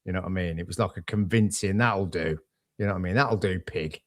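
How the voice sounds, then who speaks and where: An excitable man with a fairly low voice talks football on a podcast with friends. He is matey and animated and keeps calling people "mate". The sound is dry and close-miked. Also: fast talker, no room sound. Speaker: podcast co-host. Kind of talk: casual football podcast chat.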